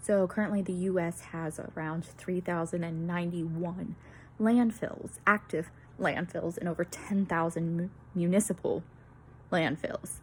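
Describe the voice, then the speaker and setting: Young female student presenter, nervous, breathy, filler-heavy, faint background hiss. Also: lowish voice, fairly even intonation, measured pace, darkish tone. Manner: nervous, many fillers and laughs, apologetic. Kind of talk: peer-teaching presentation.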